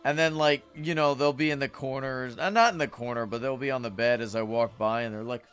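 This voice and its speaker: A man's voice: medium pitch, fairly even intonation, brisk, fairly bright tone, clear, resonant tone, faint music behind. A man chatting casually with viewers while livestreaming a game, rambling and greeting chat. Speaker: streamer.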